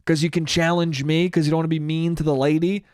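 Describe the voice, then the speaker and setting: A young man hosts a solo podcast and tells his story in a casual, rambling way. He swears freely and restarts his sentences often. His voice sits a bit higher than most men's, and the sound is close and dry with no room echo. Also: level tone, fast talker, darkish tone. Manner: loose, profane and conversational, with frequent restarts. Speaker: podcast host.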